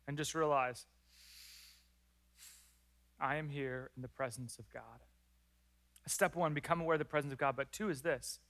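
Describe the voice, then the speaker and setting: A male pastor preaching a sermon in church, animated and acting out prayers and complaints. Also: mid-range voice, creaky. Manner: animated, acts out prayers and complaints in lively voices.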